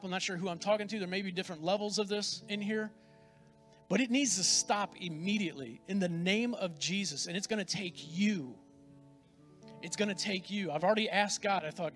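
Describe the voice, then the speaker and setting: A middle-aged man preaching with fervent, repetitive insistence, his voice sitting high for a man. A faint guitar plays beneath his prayer and exhortation. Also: a bit bright. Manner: fervent, repeats phrases for emphasis. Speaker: pastor. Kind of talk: sermon with prayer.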